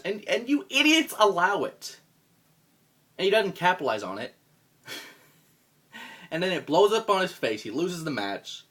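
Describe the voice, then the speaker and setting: A man cutting a scripted wrestling promo as a roleplayer, profane and contemptuous, swinging from low mutters to loud outbursts. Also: big pitch swings, moderate pace.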